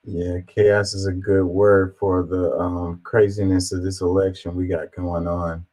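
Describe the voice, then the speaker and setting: A man's voice: low voice, little pitch movement, measured pace, mellow, rough recording. A man giving casual, amused reaction commentary on video clips, with a laid-back delivery and lots of fillers.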